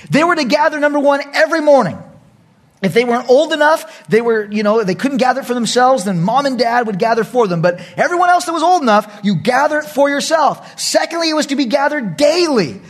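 Husky man, high lively voice, preaching an animated sermon. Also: fairly quick. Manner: animated, acts out voices, laughs often. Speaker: pastor.

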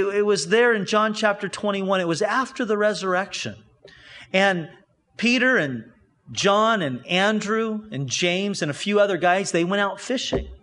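High-voiced man preaching a sermon. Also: fairly bright tone. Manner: conversational storytelling preaching with frequent restarts. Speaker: pastor. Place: church.

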